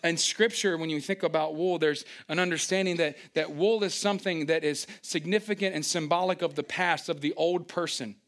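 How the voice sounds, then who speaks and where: A man delivers a lively sermon in a somewhat high voice. He acts out little scenes with sudden excited outbursts, then drops into quieter, wry asides to the congregation. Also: a little fast, few pauses. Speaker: pastor.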